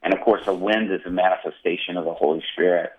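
A male pastor telling a personal testimony in an interview, animated and vivid. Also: low-pitched, fast, dull audio. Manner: animated storyteller, acting out quotes.

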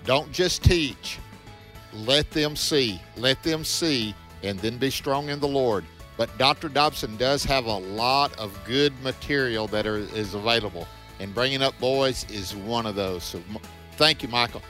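A man hosting a Bible radio show, giving gentle, encouraging pastoral advice. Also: mid-range voice, a little slow, faint music behind.

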